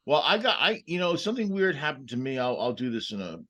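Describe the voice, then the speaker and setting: A man's voice: medium pitch, big pitch swings, fast, sharp tone. A man in his sixties, a podcast co-host, telling a story in casual chat, swearing freely. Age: 60s.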